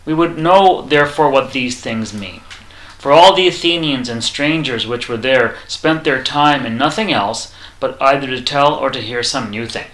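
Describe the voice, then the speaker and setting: A man preaching a sermon, reading scripture aloud and acting out the quoted lines in a lively way. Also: normal speed, roomy sound, rough recording. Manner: animated, acts out quoted lines with rising pitch; reads scripture aloud in King James wording.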